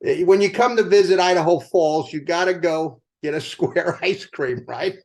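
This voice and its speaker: High-voiced older man telling sales stories. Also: normal speed. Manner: animated storyteller asking the audience rhetorical questions. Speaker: company co-founder speaking to sales team. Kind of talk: motivational sales storytelling.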